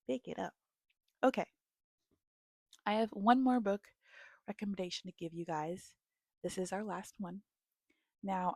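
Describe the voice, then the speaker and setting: Slow-talking young woman chatting about books. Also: fairly low pitch, gravelly, no echo, studio quality. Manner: animated storytelling, dropping into whispers at moments. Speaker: book vlogger. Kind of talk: casual book recommendations.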